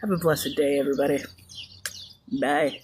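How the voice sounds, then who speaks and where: A woman's voice: low voice, steady tone, normal speed, a little mellow. A woman speaks straight to her viewers, emotional and earnest, rambling as she goes. Faint noise sits under her voice. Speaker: mother sharing a personal story. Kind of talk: personal video monologue.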